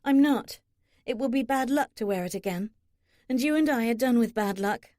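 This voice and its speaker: A woman reading an audiobook, voicing a young bride who talks in a lively, teasing way. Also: a little high, moderate pace, dry recording, studio quality, lightly acted. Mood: bright.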